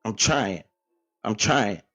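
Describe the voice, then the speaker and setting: A man's voice: on the low side, expressive, slow pace, bright, forceful tone, faint music behind. A man in an angry, profane live-stream rant, accusing and heated.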